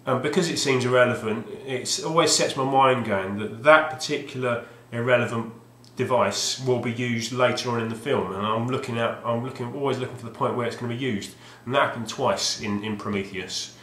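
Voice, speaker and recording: A man vlogs about video games he has found, rambling hesitantly in a casual monologue full of wry asides and frequent restarts. His mid-range, slightly bright voice moves briskly with few pauses, and the home recording echoes roomily.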